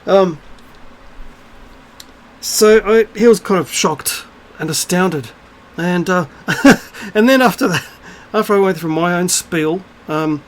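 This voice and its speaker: Slow and high-pitched, this middle-aged spiritual vlogger delivers a blunt, scornful monologue to camera, swearing freely and keeping it casual. The recording is rough.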